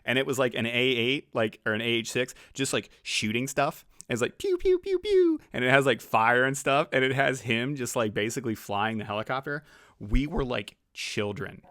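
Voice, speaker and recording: A man co-hosting a podcast, telling stories in a casual, animated way and often slipping into other people's voices. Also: medium pitch, moderate pace, no echo, studio quality. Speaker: podcast co-host. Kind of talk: casual storytelling chat.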